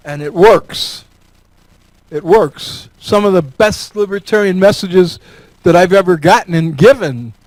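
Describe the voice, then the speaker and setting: A man's voice: sits high, darkish tone, no room sound, poor audio. A man from New York state gives a talk and takes audience questions, folksy and joking, repeating words for emphasis. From Elmira, New York. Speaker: guest speaker.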